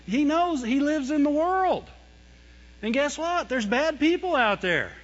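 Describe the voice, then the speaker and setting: A man preaching a sermon in a voice that sits a bit high for a man. He is animated and expressive, acting out whiny and fearful voices and breaking into laughs. The sound is dull and lo-fi. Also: big-room sound.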